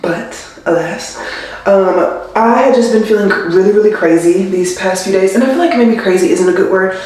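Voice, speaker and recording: A woman's voice: medium pitch, normal speed, darkish tone. A young woman, a nurse, chatting casually in a rambling, confiding way as she does her hair at home. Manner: rambling and chatty, heavy use of "like"; confiding and emotional. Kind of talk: casual vlog chat. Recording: very echoey room.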